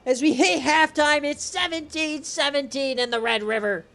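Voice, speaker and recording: A man giving excitable, profane play-by-play of a streamed online football game, his voice strained from shouting. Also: moderate pace, creaky, faint music behind. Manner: swings from shouted calls to low, relaxed chatter. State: straining voice, says he is losing it.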